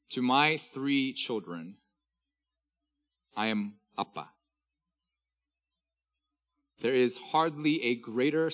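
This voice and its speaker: A man in his thirties preaching a sermon as pastor, swinging from loud, declaimed scripture readings to hushed, intimate asides. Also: medium pitch.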